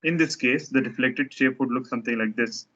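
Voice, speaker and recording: A man's voice: mid-range voice, a little fast, a bit bright, muffled recording. A man teaching a structures lecture, explaining step by step while he sketches diagrams, often restarting his sentences.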